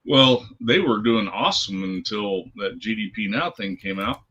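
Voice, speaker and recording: A man with a low, husky voice talks markets in a relaxed, plainspoken manner. His audio comes through a video call and sounds dull and lo-fi, with the top end rolled off. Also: moderate pace. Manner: easygoing, plainspoken, mutters to himself. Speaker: guest trader on a video call. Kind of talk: casual trading chat.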